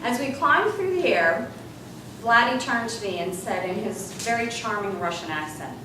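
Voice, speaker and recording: Woman guest speaker, lively comic storyteller, lots of pitch movement, recorded from far off in a very echoey hall. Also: moderate pace, background noise. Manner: animated, comic timing. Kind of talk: humorous storytelling speech. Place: large hall with live audience. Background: room ambience and audience laughter.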